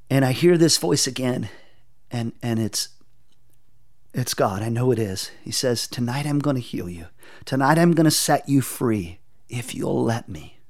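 A man telling a personal testimony in an interview, earnest and intense, often halting and repeating words as he searches for them. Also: medium pitch. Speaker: interview guest.

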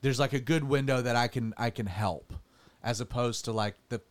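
Joking pastor hosting a podcast. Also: male voice, mid-range voice, normal speed. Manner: joking, rambling with restarts. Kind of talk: casual studio chat. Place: studio.

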